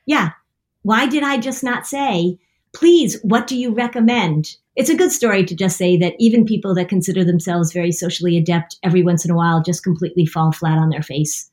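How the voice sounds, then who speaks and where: A woman's voice: on the low side, quick pace, darkish tone. A woman guest on a podcast, telling embarrassing stories about herself with plenty of laughter. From New England, United States. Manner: self-deprecating storyteller, laughs a lot. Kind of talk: casual podcast chat.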